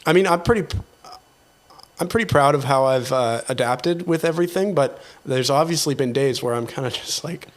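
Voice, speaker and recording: A chatty man hosts a relaxed podcast conversation with a guest. His voice sits at an ordinary middle pitch, and he laughs often as he tells his stories with animation. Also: normal speed. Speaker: podcast host, theatre technician. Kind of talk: casual podcast chat.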